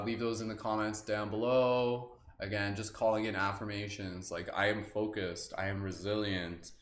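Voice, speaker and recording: A man with a somewhat low voice leads a live-streamed guided meditation, calling out affirmations and drifting into playful, rambling asides. His voice rings in a roomy, echoing space. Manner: loose, rambling, slips into silly asides. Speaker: meditation host. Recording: roomy echo.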